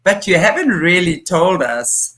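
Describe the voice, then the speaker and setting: A woman from Africa hosting a live online talk show over a video call, cheerful and quick to laugh. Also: fairly low pitch, big pitch swings, fairly bright tone. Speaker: host. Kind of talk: casual live-show chat.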